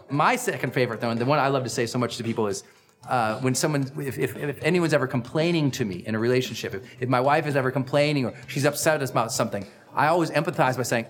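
A middle-aged man hosting a personal growth podcast, giving an energetic, emphatic motivational talk. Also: fast talker, soft background music. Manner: energetic, emphatic, acts out quoted lines with big pitch swings.

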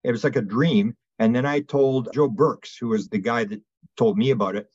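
A man being interviewed as a guest researcher, telling stories in a rambling, animated way with many restarts. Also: medium pitch, normal speed, slightly rough, highs cut off. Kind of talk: casual storytelling interview.

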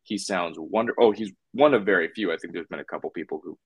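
A man's voice: low voice, fast talker, slightly rough, no room sound. A man talking as a puppeteer guest in a casual interview, rambling with lots of fillers and restarts.

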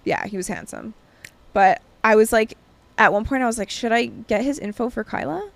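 A woman's voice: a little high, moderate pace, gravelly, dry recording. A young woman co-hosting a podcast, telling a story in casual chat, full of "like" and acted-out quotes. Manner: chatty storyteller, lots of "like", acts out quotes. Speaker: podcast co-host.

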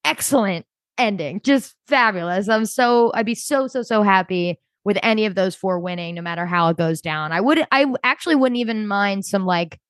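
Animated woman recapping a show, dry sound. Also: mid-range voice, no echo. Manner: animated, quick, laughing retellings. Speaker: podcast co-host. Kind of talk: casual chat.

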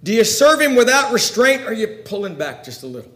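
Man preaching a sermon, high voice, asks the crowd straight questions, gets loud then drops real quiet, echoey church room. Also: big pitch swings, quick pace. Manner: direct questions to listeners, swings between loud emphasis and hushed tones.

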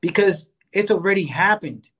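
Man, fairly high voice, earnest casual chat, keeps saying right. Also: animated, moderate pace, a bit bright, slightly rough. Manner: earnest, repeats "right?" and "you know"; enjoys exercise, speaks of fitness. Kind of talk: casual conversational advice.

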